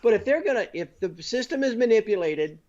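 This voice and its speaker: A man's voice: sits high, lively intonation, brisk, a little mellow, lo-fi sound. A man being interviewed, explaining finance step by step and often checking in with "you know" and "okay?". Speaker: guest. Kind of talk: conversational interview.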